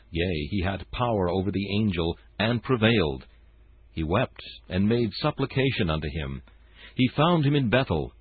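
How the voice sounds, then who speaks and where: Deep husky man reading devotions. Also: no echo. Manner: solemn, measured delivery. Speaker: devotional reader. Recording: tinny phone-like dry sound.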